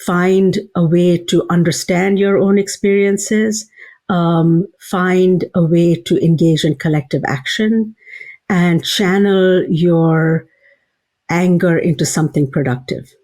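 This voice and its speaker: A woman's voice: fairly low pitch, fairly even intonation, slow pace, darkish tone. A woman, a psychology professor and author, giving thoughtful interview answers with frequent fillers and restarts.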